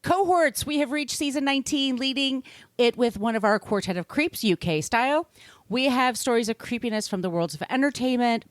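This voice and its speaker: A woman's voice: fairly high pitch, expressive, a little fast, no room sound. A woman with an American accent, co-hosting a podcast in casual chat, joking and laughing often. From United States. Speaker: podcast co-host.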